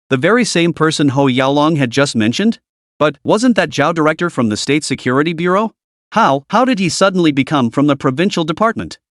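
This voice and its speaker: Brief: male narrator, fairly high and animated, dry close recording, dramatic delivery. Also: no echo. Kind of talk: scripted narration of a comic recap.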